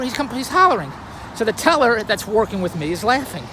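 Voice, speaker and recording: High-voiced grumbling man over traffic noise. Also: animated, brisk. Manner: wry, grumbling and self-amused. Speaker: vlogger. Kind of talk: rambling casual storytelling. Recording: noisy street traffic behind.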